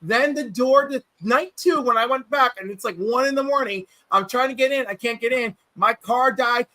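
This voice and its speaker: High-voiced guy on a livestream, bright and lively, acts out what people said. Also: moderate pace, no echo, poor audio. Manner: animated, acts out quotes, many restarts. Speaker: livestream host. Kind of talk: casual storytelling chat.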